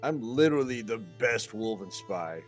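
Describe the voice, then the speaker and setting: A man's voice: lowish voice, animated, normal speed, soft background music. A man playing a tabletop game, chatting in a playful, jokey way. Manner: playful, laughs often. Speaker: player. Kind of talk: casual tabletop game chat.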